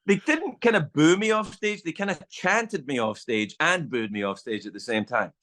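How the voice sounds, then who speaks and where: A man's voice: a little high, normal speed. A man in his sixties, a guest telling stories in a casual podcast chat and acting out the voices of people in them. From Scotland. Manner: animated storyteller, acts out voices.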